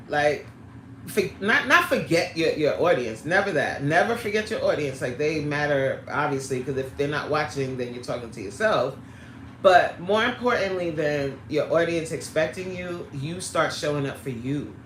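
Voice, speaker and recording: A woman's voice: low-pitched, animated, moderate pace, fairly bright tone, slight background noise. A middle-aged woman coaching on a live stream, chatting casually, greeting viewers by name and laughing easily. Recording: roomy echo.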